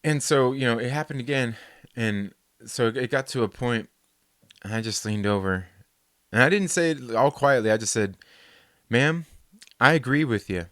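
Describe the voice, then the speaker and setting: In a loose, casual chat, a host with a middling-pitched, fairly bright voice tells a story, rambling, restarting and swearing freely. He drops into quick put-on voices for the people he quotes. The recording is dry and clean, studio-like.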